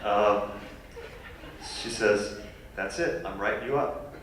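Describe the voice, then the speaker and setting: A man telling a funny personal story as a guest speaker at a university lecture, animated and self-deprecating. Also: fairly low pitch, slow, noisy background. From New York. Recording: echoey hall recorded from far off.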